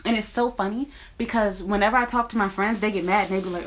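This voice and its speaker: A woman's voice: medium pitch, fairly even intonation, quick pace, few pauses, a little hiss or hum. A woman talking casually to her viewers, blunt and profane, speaking as a teacher. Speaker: teacher in Japan. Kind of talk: casual vlog rant.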